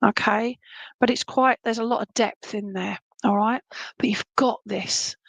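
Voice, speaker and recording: A woman's voice: fairly high pitch, steady tone, unhurried, vocal fry, no room sound, poor audio. A woman giving a live psychic reading to one viewer, rambling and affectionate, often stopping to ask whether what she says makes sense. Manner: warm endearments, rambling, frequent "would that make sense?" check-ins.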